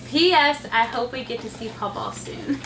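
High-pitched and fairly bright, an unhurried mother and channel host chats her way through a casual unboxing, breaking into sing-song baby talk for her little ones. The mic sits far off in an echoey room, picking up faint ambience and slight background noise.

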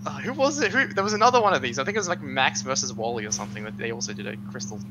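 Male race commentator, animated and quick, hum under the line. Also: medium pitch. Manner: quick, animated banter, laughs often. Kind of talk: casual commentary on a speedrun race. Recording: steady hum under the voice chat.

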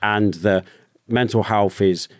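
A British man with a low voice shares his experiences openly, pausing and restarting as he goes. The recording is close and dry, with no room sound. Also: fairly even intonation, no echo. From United Kingdom. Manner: open, emotional, halting with restarts. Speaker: guest, ex-soldier. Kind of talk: candid personal storytelling.

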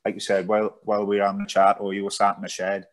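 A man's voice: lowish voice, monotone, fast talker. A man in his thirties, a podcast guest, chatting casually and often asking "do you know what I mean". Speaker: guest, charity founder. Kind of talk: casual chat.

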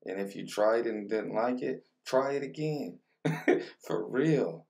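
A man's voice: fairly low pitch, measured pace, gravelly, a little mellow, far from the mic. A young man casually chatting through a food vlog, talking in laid-back slang between bites. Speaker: mukbang vlogger. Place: home room with colored lighting.

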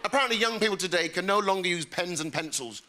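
A man doing an animated stand-up comedy routine on a theatre stage. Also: fast talker. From England. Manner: animated, jumps into high voices for characters. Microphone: stage mic. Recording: live theatre with loud crowd. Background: loud laughing audience.

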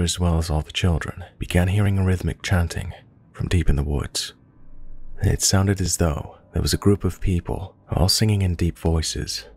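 A man reading a true scary story aloud as a scripted horror narration, slow and measured. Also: low voice, darkish tone, breathy edge.

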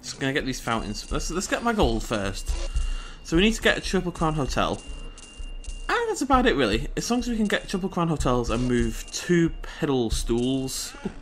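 A man's voice: fairly high pitch, wildly swooping pitch, moderate pace, fairly bright tone, faint music behind. A man hosting a let's-play video, chatty and playful as he comments on the game and reads its dialogue aloud. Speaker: gaming channel host.

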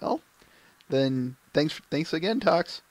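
Soft-spoken man hosting a podcast, dry sound. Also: on the high side, expressive, takes it slowly, dry recording. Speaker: podcast host.

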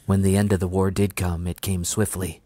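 A man narrates a novel in a low, deep voice at a measured, unhurried pace. The sound is dry and close to the mic, with no room echo. It has the feel of a calm audiobook reading. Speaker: audiobook reader.

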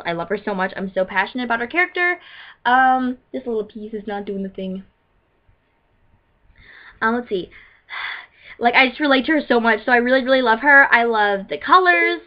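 A woman cosplayer chatting in a casual vlog, gushing and rambling with many fillers. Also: a little high. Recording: muffled lo-fi recording.

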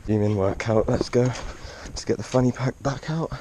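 A young man vlogging to camera while running outdoors, excitable and swearing often, a bit out of breath. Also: mid-range voice, moderate pace, background noise. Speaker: travel vlogger. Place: outdoors on rocky coast and beach. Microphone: phone held while moving.

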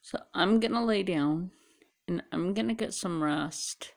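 A woman's voice: lowish voice, measured pace, creaky. A tired middle-aged woman chatting casually to camera, rambling and musing aloud. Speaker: vlogger. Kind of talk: casual chat.

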